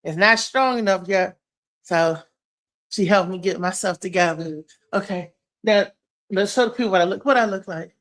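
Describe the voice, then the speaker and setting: A woman hosting a casual live-stream chat at home, animated, with loud exclamations. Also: mid-range voice, normal speed. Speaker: host.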